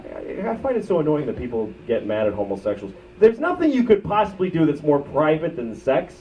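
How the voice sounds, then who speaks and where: A man in his thirties doing live stand-up, profane and ranting, swinging from loud outbursts to low muttered asides. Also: huge pitch swings, fairly quick. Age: 30s. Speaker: stand-up comedian. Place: comedy club stage. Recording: muffled bootleg recording from a distance with loud crowd noise. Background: audience laughter.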